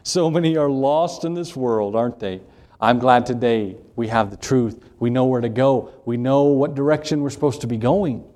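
Brief: middle-aged male pastor, earnest and repetitive, mid-pitched, evening church sermon. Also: moderate pace, mellow. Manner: earnest, repetitive preaching with Scripture quotes and folksy asides.

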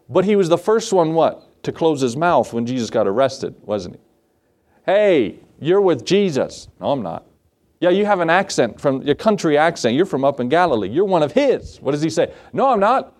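A male pastor preaching a sermon, animated, often asking the congregation rhetorical questions. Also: on the high side.

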